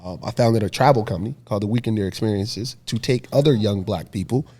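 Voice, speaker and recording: A man in his thirties from Philadelphia, speaking as a podcast guest. His voice sits fairly low, and he tells his story with animated energy, laughing and acting out the scenes. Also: fast talker, breathy edge. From Philadelphia, USA. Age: 30s. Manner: lively, laughing storyteller who acts out scenes. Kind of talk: casual storytelling interview.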